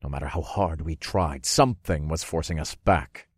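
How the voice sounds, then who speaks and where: Deep-voiced man narrating a dark fantasy audiobook. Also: husky, dry recording, clean studio sound. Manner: measured, dramatic storytelling.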